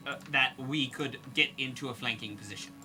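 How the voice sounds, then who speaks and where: A man's voice: mid-range voice, brisk, bright, forceful tone, faint music behind. A man playing a tabletop game, talking hesitantly with many fillers. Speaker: player.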